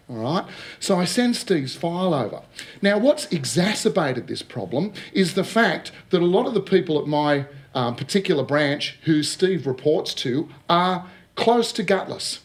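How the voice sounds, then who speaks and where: A man's voice: fairly high pitch, moderate pace. A middle-aged man giving a casual talk on recruitment, telling anecdotes, acting out the dialogue and often checking in with his listeners. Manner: lively storyteller who acts out dialogue and keeps checking with "all right?". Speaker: speaker on recruitment.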